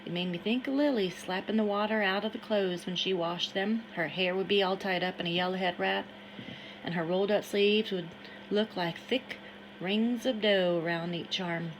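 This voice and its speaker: Lady reading an audiobook, steady tone, bit of faint hiss. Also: medium pitch, moderate pace, rough recording. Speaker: audiobook reader. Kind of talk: first-person audiobook narration.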